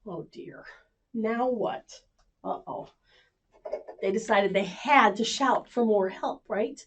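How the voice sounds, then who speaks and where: A woman librarian telling stories to children at home, animated and inviting them to join in. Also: medium pitch, takes it slowly, breathy edge. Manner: animated, speaks to kids at home. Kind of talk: children's storytime reading.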